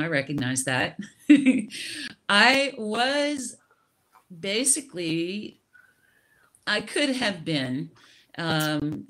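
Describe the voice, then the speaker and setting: Middle-aged woman on a video call, slow and reflective, lower voice, laughs a lot and restarts. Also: sharp tone. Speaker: workshop participant sharing her experience. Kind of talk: casual video call sharing.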